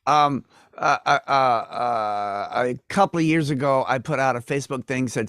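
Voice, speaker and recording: A man's voice: medium pitch, normal speed, fairly bright tone, faint music behind. A man singing a comic folk song and retelling it as a rambling, punning story on a livestream. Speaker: folk singer-songwriter.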